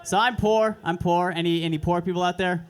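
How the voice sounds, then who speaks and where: A young man with a fairly high voice works through a stand-up set at an open mic. His delivery is crude, deadpan and self-mocking, and he speaks into a handheld stage mic. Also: brisk. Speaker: stand-up comedian. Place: comedy club stage.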